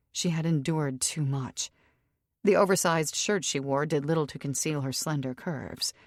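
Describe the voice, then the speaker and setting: A woman narrating an audiobook with even, steady storytelling on a close studio mic. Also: sits low, no room sound. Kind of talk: scripted narration.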